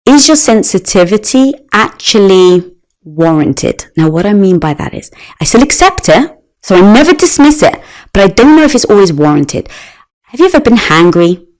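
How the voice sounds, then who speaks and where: A woman's voice: mid-range voice, moderate pace, poor audio. Middle aged woman chatting on a podcast, voice jumps all over, acts out the quotes. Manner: animated, acts out quoted dialogue. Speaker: guest. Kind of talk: conversational storytelling.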